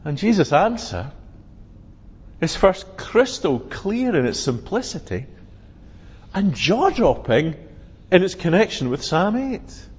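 A man's voice: high-pitched, sing-song, takes it slowly, pauses often, husky. A man preaching a sermon, expounding scripture earnestly and emphatically, lifting his voice on quoted cries. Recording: lo-fi with long hall reverb.

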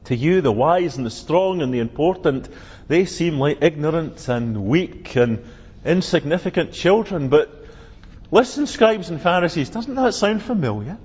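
A man's voice: on the high side, expressive, a little slow, darkish tone, breathy edge. A man preaching a sermon, expounding scripture earnestly and emphatically, lifting his voice on quoted cries. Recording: lo-fi with long hall reverb.

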